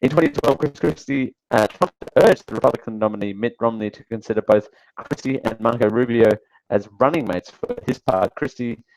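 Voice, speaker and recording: A male host talks through casual commentary with a dry, sarcastic edge, wandering off and restarting his sentences. His voice has a gravelly fry to it, and he sounds close and dry with no room around him. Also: medium pitch, expressive, brisk, darkish tone, no echo, rough recording. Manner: sarcastic, rambling, with frequent fillers and restarts. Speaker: show host.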